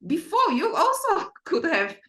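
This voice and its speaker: A woman's voice: extremely high pitch, huge pitch swings, unhurried, pushed and bright, reverberant. A woman guest on a podcast, telling anecdotes earnestly in slightly non-native phrasing. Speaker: guest, author and practitioner. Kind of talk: casual conversation, storytelling.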